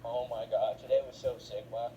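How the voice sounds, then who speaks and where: A storyteller voicing a whiny, panicking teenage boy who pleads in a very high, squeaky voice. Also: little pitch movement, moderate pace, mellow, slight background noise, close to an everyday voice, rough recording. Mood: smug. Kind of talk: comic storytelling.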